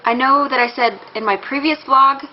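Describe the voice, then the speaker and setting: A woman's voice: high voice, normal speed, slight background noise. Young woman, casual vlog chatter, lots of "um" and "like", slightly muffled lo-fi sound. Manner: rambling, many fillers and restarts; candid, a little embarrassed. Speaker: vlogger.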